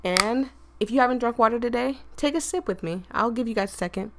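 Chatty, slightly hoarse woman gamer. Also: on the high side, fairly quick, background noise. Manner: chatty, laughing and clearing her throat while reading. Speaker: gaming video host. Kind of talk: chatty game reading.

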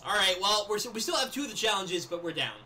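A young man with a high, very bright and edgy voice talks through his gameplay. He is excitable, breaking into shouts and laughter when plays go his way or fall apart. Faint game music plays underneath. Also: fast. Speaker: gaming video creator. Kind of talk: live gameplay commentary.

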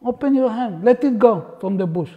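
A man voicing God from above, calmly asking testing questions. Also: very high voice, moderate pace, big-room sound, muffled recording, pitched above the performer's own voice. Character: stern, teasing voice of God from above.

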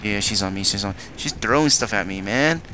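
Excitable man streaming a horror game. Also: on the low side, a little fast, a little hiss or hum. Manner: excitable, swearing, yelling in panic. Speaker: gameplay streamer. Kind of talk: live gameplay commentary.

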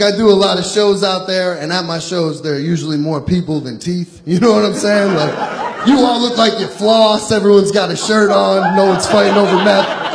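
A young man from Long Island works a comedy club crowd with a profane, self-deprecating set. His voice sits high, and he laughs at his own lines. The room rings, and the audience roars with laughter around him. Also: echoey room. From Long Island, New York. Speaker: stand-up comic.

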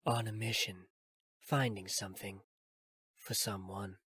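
Audiobook role: man doing a cold cyborg warrior, hushed and flat, no emotion, dry sound. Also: fairly low pitch, measured pace, slightly rough, dry recording. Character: cold detached young male cyborg warrior. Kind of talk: audiobook character reading.

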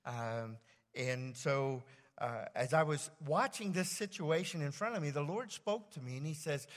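Male pastor, storytelling sermon, halting and rambling, slightly high voice, long hall reverb. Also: animated. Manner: halting, rambling storyteller with many fillers and restarts. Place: church sanctuary.

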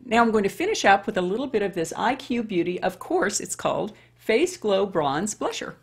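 Husky-voiced woman over fifty. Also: mid-range voice, very animated, normal speed. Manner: chatty, talks straight to women viewers. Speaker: beauty vlogger. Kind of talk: casual makeup tutorial chat.

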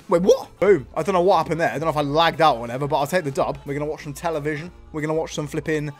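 A young man doing loud, jokey let's-play commentary, excitable and full of swearing and banter. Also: a little high, racing, few pauses, soft background music. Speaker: gaming YouTuber.

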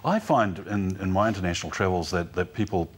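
A man's voice: low voice, fast talker, husky. A man with a New Zealand accent speaking on a TV panel, earnest and full of small restarts. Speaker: panelist, church dean. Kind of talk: TV panel discussion. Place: TV studio.

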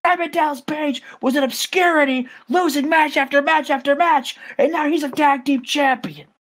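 A man's voice: fairly even intonation, normal speed, fairly bright tone. A man voicing an arrogant male wrestler who rants bitterly about his peers. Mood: ranting. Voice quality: high, strained ranting.

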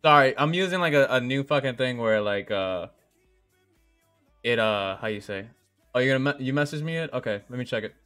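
A man's voice: mid-range voice, lively intonation, brisk, fairly bright tone, faint music behind. A young man live-streaming a game, chatting casually with viewers, swearing often, rambling and laughing.

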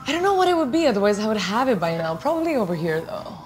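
A woman in her thirties from India, giving playful, chatty quick-fire answers in an interview at home. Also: a little high, very animated, soft background music. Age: 30s. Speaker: celebrity guest. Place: indoors at home.

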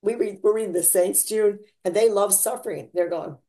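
A woman's voice: moderate pace, dark tone. A woman hosting a casual faith chat, rambling and laughing, with big dramatic swings in her voice. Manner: dramatic swings in pitch and volume. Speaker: podcast host.

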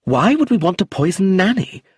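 A man voicing a curt, defensive middle-aged woman in an audiobook, with a husky lifted voice. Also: mid-range voice, sing-song, brisk, no echo, studio quality.

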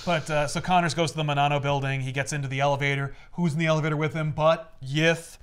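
A man casually recapping a comic book for friends, animated and acting out character lines in quick voices. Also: on the high side, smooth. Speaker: comic podcast host recapping a comic.

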